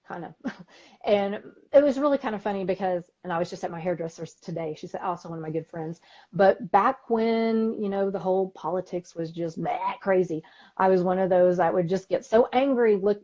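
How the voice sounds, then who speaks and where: A woman with a Texan accent, co-hosting a podcast in casual chat, talkative and quick to laugh, acting out quotes as she tells stories. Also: mid-range voice, dark tone, muffled recording. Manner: chatty, laughs often, acts out quotes. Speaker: podcast co-host. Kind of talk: casual chat on a live stream.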